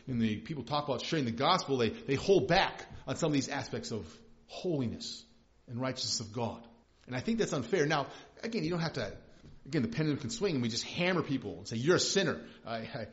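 A male pastor giving a conversational, emphatic sermon, often restarting his phrases. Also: mid-range voice. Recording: slightly dull lo-fi recording.

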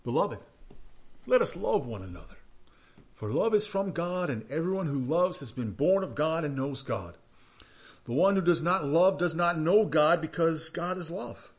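A man preaching a sermon, reading scripture aloud and breaking into hushed, questioning asides. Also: fairly high pitch, normal speed. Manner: animated, swings between loud reading and hushed asides. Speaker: pastor.

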